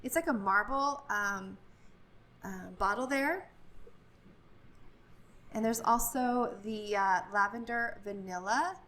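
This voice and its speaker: A woman's voice: a little high, slow pace, pauses often, fairly bright tone. A woman vlogging a casual walk through a large store, chatty and gushing, with many fillers, recorded on a handheld phone. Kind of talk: casual store walkthrough vlog. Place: large retail store, indoors.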